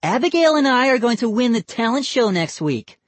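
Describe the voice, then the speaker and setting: A reader doing a shrill bratty little girl. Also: huge pitch swings, unhurried, darkish tone, breathy edge, no echo, full character voice. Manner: shrieking, sassy. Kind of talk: audiobook character voice.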